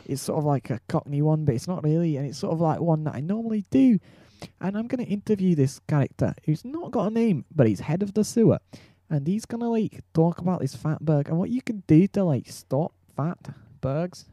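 A man's voice: on the high side, animated, brisk, few pauses, mellow, dry recording, studio quality, natural voice. Man doing a bumbling mock field reporter. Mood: mock-serious. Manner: mock-newsreader, rambling. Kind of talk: improvised comedy sketch.

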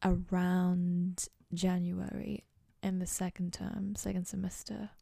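A woman's voice: lowish voice, monotone, slow, vocal fry, dark tone, no echo, clean studio sound. A young woman hosting a podcast, chatting casually and rambling in a goofy, self-mocking way from her dorm room. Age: young adult. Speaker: podcast host. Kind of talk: casual solo chat.

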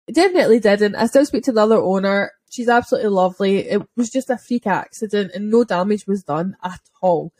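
A young Scottish woman, a dog trainer, chatting casually on a podcast and telling lively stories, acting out quick voices and swearing freely. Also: medium pitch, no room sound. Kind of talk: casual chat.

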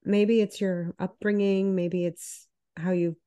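A woman's voice: medium pitch, level tone, slow pace, a crowd in the background. A woman health coach with a stuffy, nasal voice from a cold, chatting casually and a little apologetically as a podcast co-host. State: congested, under the weather.

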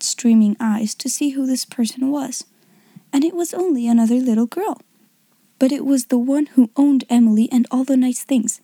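Woman, audiobook narration, fairly high voice, mellow, dry close recording. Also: no room sound. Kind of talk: scripted narration.

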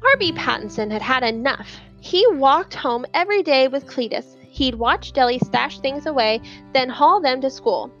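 Woman, audiobook narration, expressive storytelling, slightly muffled sound. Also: high-pitched, moderate pace, soft background music. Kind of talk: scripted narration.

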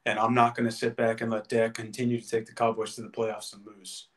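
A man's voice: lowish voice, monotone, fairly quick, a bit bright. A man co-hosting a podcast, making his case in a casual sports debate with passion and emphasis. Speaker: podcast co-host.

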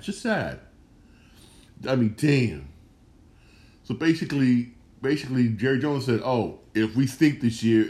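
A man talks through sports news on his own show, leaning on slang and saying his points two or three times over. His voice sits at an ordinary middle pitch, and his delivery stays loose and unscripted. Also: a little mellow. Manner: repetitive, emphatic, slangy, restarts phrases. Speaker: sports podcast host. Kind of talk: casual solo sports commentary.

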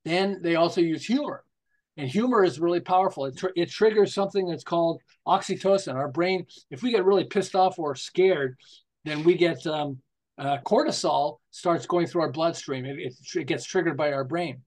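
At a moderate pace and fairly high pitch, a man in his 60s or older, who works as a marketing consultant, chats on a podcast. He's animated, laughing frequently while relating jokes and anecdotes.

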